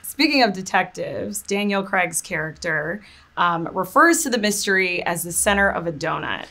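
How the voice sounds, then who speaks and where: A woman's voice: lowish voice, animated, moderate pace, bright, forceful tone. Upbeat woman interviewer. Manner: upbeat, enthusiastic questioning. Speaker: entertainment correspondent. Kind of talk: press junket interview.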